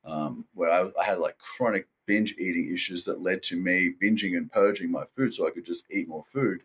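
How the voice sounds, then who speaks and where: A man's voice: sits low, normal speed, a bit bright, breathy edge. A man talking as a podcast guest in a candid, rambling way, swearing often and restarting his sentences. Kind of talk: candid casual conversation.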